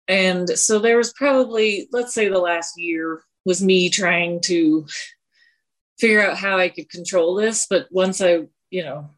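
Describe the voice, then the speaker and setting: A woman's voice: mid-range voice, unhurried. Candid woman in her forties. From Colorado. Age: 40s. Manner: earnest and confessional, with sighs and self-deprecating laughs. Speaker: podcast guest. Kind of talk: candid personal interview.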